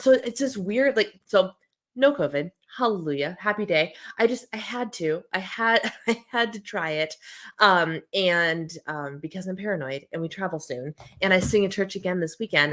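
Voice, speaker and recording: In a lowish, slightly bright voice, a woman in her thirties chats casually on a home live-stream. She has a scratchy throat and reads viewer comments aloud before replying.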